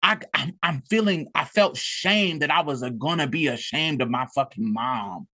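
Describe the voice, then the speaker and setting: A man's voice: a little high, expressive, moderate pace, bright, forceful tone. A man from rural Mississippi, telling a personal story in an intense, profane, emotional way. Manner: intense, profane, tearful at times. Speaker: podcast co-host.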